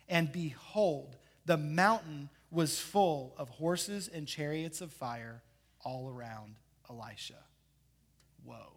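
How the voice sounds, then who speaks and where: Animated, high-voiced male preacher. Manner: animated storytelling, acting out the characters. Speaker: pastor. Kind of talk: sermon.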